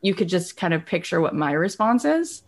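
A woman's voice: on the low side, big pitch swings, moderate pace. A woman podcast host sharing a personal story openly and emotionally, rambling and using many filler words. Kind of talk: conversational interview.

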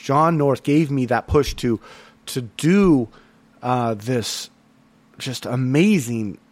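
A man's voice: fairly high pitch, dry recording. A man hosting a solo podcast recap, talking in an earnest, rambling way with lots of fillers and restarts. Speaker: podcast host.

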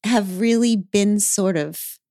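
A woman's voice: mid-range voice, slow pace, dark tone, no room sound, clean studio sound. A woman co-hosting a podcast who speaks in an affirming way and murmurs agreement through a candid conversation. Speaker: podcast co-host.

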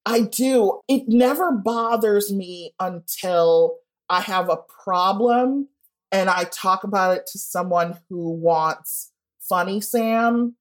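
A woman's voice: mid-range voice, slow pace. Frank woman guest, candid talk. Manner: frank and candid, acts out quoted voices. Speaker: guest author. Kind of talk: casual conversational interview.

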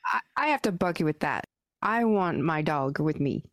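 A woman's voice: sits low, animated, moderate pace, dry recording, studio quality. A woman co-hosting a podcast in casual chat, adding brief agreeable remarks.

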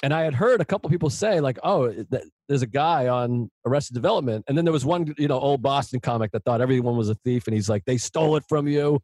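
Relaxed male comic host, dry sound. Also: mid-range voice, fast, hardly any pauses, no room sound. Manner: relaxed, self-mocking anecdotes. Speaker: podcast host, comedian. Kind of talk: casual conversation, storytelling.

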